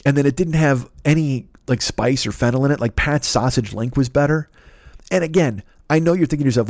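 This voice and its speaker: A man's voice: mid-range voice, fairly quick, darkish tone, no echo, clean studio sound. A middle-aged man from the Chicago area, telling a story in a casual, exasperated, profane rant as a podcast host. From Chicago area, USA.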